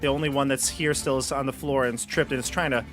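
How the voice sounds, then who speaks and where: A man narrating as dungeon master of a tabletop game, describing scenes in a relaxed way with frequent restarts. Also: medium pitch, fast talker, faint music behind.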